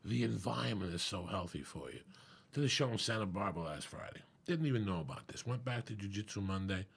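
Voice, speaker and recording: A man with a rough, gravelly voice that sits fairly low and sounds raspy through and through. He tells stories like a comedian in casual conversation, swearing freely and playing out every quoted line. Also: fast talker. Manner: profane, animated storyteller acting out quotes. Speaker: comedian guest. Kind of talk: casual storytelling chat.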